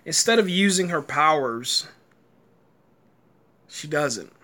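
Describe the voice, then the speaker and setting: In a tired, early-morning mood, a man delivers a casual, exasperated review rant, tripping over and repeating words and bursting into laughter. His voice is a little high, animated, pushed and bright, though he takes it slowly.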